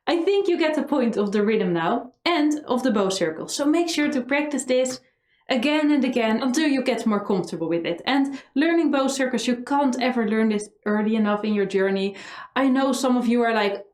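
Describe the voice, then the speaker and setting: A woman teaching a violin lesson, chanting practice rhythms slowly and coaxing students in a playful, encouraging way. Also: fairly high pitch, lively intonation, darkish tone. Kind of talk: online music lesson. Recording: roomy echo, violin music behind.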